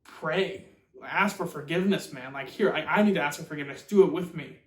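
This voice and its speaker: A man voicing a worried, pleading male painter friend in a quick, casual retelling. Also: fairly high pitch, steady tone, natural voice. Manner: hurried, urgent, casual phrasing. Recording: roomy echo, far from mic.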